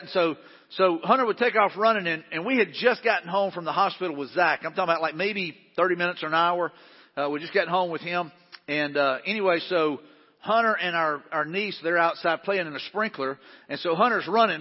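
Male pastor, middle-aged, folksy sermon delivery, higher voice, muffled church-hall recording. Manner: folksy, conversational with frequent restarts.

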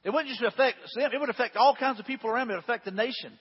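A man's voice: very high voice, very fast, slightly rough. A man preaching a sermon, reading a scripture story aloud and adding folksy, conversational asides with frequent restarts. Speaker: pastor. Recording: dull sound with long hall reverb.

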